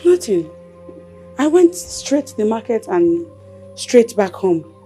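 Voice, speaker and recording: A woman's voice: fairly high pitch, very animated, slow, dark tone, soft background music. An actress with a Nigerian accent playing an unhappy wife who dramatically laments her marriage. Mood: nervous. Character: unhappy married woman regretting her husband.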